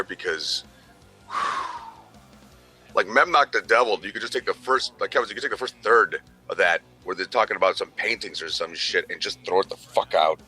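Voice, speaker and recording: A man's voice: sits low, moderate pace, sharp tone, breathy edge, soft background music. A man co-hosting a gaming news show, telling rambling, profane stories in casual chat. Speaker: podcast co-host.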